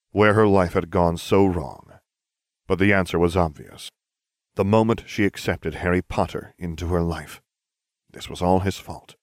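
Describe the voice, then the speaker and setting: A man reading a fan fiction story aloud as narrator in a dry, even-toned way, switching into lively character voices. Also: low-pitched, dry recording.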